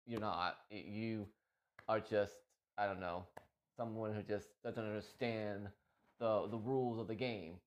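A man's voice: fairly low pitch, fairly even intonation, measured pace. A man talking about his day as a streamer in a casual, emotional, rambling monologue full of restarts. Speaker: streamer and podcast host.

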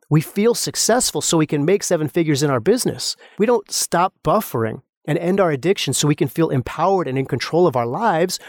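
A man's voice: on the high side, dry recording, clean studio sound. A man hosting a motivational podcast, intensely guiding the listener through a visualization with repeated rhetorical questions and calling him brother. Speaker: podcast host, mindset coach. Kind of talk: motivational coaching monologue.

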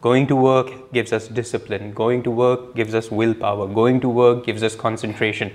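A man, co-hosting a spiritual discussion podcast, explaining and telling stories in an animated way. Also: mid-range voice, moderate pace. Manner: animated storytelling with explanations and laughter. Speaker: podcast co-host.

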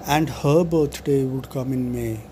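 A man's voice: mid-range voice, unhurried, warm tone, a little hiss or hum. A man in his forties, talking to camera in a meandering monologue full of fillers and restarts. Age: 40s. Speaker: video blogger.

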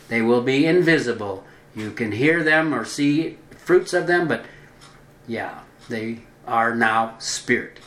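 A man's voice: mid-range voice, lively intonation, fairly bright tone. Man reading religious teaching in a roomy echo. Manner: deliberate, drawing out stressed words. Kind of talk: scripted religious narration.

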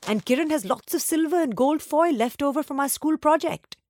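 A woman voicing a gentle, patient mother in a storybook reading. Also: sits high, animated, a little fast, pitched above the performer's own voice. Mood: soothing. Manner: soothing, patient.

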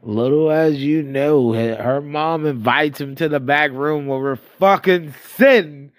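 A man's voice: fairly high pitch, measured pace, no echo. A man in his thirties from Florida, telling rambling, profane stories about his past in a casual monologue, a bit stuffy-nosed. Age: 30s. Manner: profane, rambling, laughing at himself. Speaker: storyteller.

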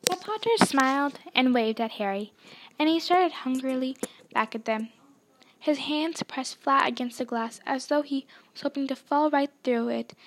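A woman reading a novel chapter aloud with expressive storytelling. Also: sits high. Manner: expressive storytelling, voicing dialogue. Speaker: reader.

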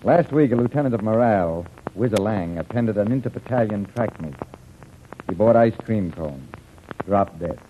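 A man playing a cautious, by-the-book army major in a measured, officious manner, 1940s radio acting on a tinny old broadcast. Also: on the low side, lively intonation, slight background noise, natural voice. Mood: briefing.

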